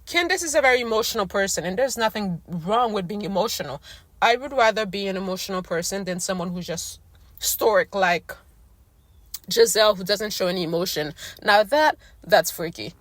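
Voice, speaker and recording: Exasperated woman ranting, voice going hoarse. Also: medium pitch, lively intonation, moderate pace, a bit bright, dry recording. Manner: exasperated, blunt, slangy. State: losing her voice. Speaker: recap vlogger. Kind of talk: casual rant to camera.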